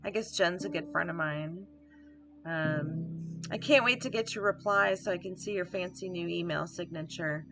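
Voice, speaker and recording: A woman's voice: lowish voice, normal speed. A woman giving casual gameplay commentary, reading on-screen emails aloud and adding offhand asides. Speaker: let's play gamer. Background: game music.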